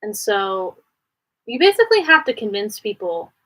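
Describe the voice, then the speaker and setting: A woman's voice: very animated, fairly bright tone, poor audio. A woman from Canada hosting a live question-and-answer stream from a home studio, chatting casually and rambling from one thought to the next. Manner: chatty and rambling, quick jumps in pitch. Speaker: livestream host answering viewer questions. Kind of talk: casual chat.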